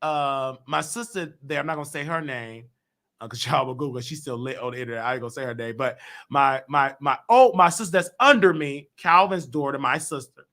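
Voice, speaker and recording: On a call-in live stream from his YouTube talk show, a man with a mid-range voice talks fairly quickly. He tells stories in a loose, slangy, animated way and acts out the voices of those he quotes.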